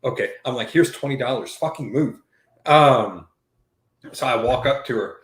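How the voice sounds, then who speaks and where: A man spins a rambling, swear-filled story in loose, casual talk. His voice sits at an ordinary middle pitch and bounces off the walls of an echoey room. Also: normal speed. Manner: profane, rambling, animated retelling with quoted dialogue. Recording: roomy echo.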